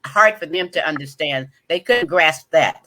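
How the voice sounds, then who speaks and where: A woman telling stories of growing up in a casual panel chat, with halting restarts. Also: deep voice, expressive, bright, forceful tone. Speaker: cast member of a documentary.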